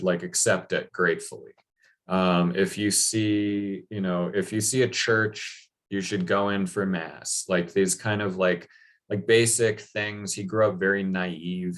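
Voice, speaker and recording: Low-voiced guy telling an old legend, chatty and loose, lots of likes and you knows. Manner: loose, chatty, many fillers. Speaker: speaker. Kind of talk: casual storytelling talk.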